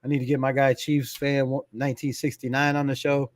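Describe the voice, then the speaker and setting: A man's voice: mid-range voice, flat delivery, brisk, no room sound, clean studio sound. A middle-aged man hosting a sports fan livestream in a casual, laid-back way. He reads viewer comments aloud, laughs often and swears freely. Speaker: fan channel livestream host.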